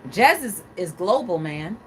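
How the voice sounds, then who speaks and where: A woman hosting a casual livestream talk show, chatting with viewers' comments and acting out quotes in animated stories. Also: lowish voice, unhurried, a little hiss or hum. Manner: animated storyteller, acts out quotes, laughs often. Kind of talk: casual chat reading live comments.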